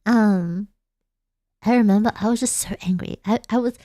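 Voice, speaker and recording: A woman's voice: medium pitch, normal speed, mellow, no echo. Giggly young woman from Australia, dry sound. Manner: playful, giggly, rambling. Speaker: vtuber streamer. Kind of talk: casual late-night chat.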